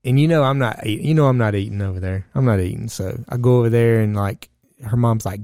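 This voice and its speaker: A man's voice: medium pitch, a little fast, creaky, a little mellow, no room sound, studio quality. A man telling a rambling, profane story in casual chat, full of fillers and asides.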